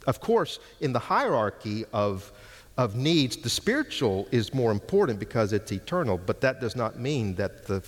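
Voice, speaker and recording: A man's voice: mid-range voice, long reverb tail. A man preaching an expository sermon, teaching with emphatic stress on key words.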